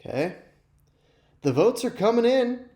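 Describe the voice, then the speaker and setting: A man's voice: extremely high pitch, very animated, a little slow, mellow. A man hosting a live youth ministry show, chatting casually and self-deprecatingly straight to viewers. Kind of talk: casual live-stream chat. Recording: roomy echo.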